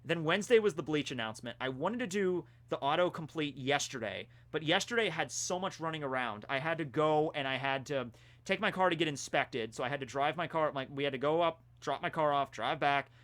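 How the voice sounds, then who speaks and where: Young guy rambling thru stream questions, bright forceful voice, laid back. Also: fairly high pitch, fairly quick. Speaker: streamer answering chat questions. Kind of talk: casual live-stream chat.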